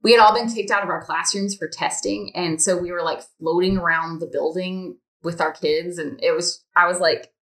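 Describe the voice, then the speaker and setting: A woman with a somewhat low voice tells her story as a podcast guest, rambling in a friendly, chatty way full of ums and likes. Her voice rings with a roomy echo. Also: fairly even intonation, normal speed, hardly any pauses, fairly bright tone. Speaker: podcast guest, instructional designer. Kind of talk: casual interview chat.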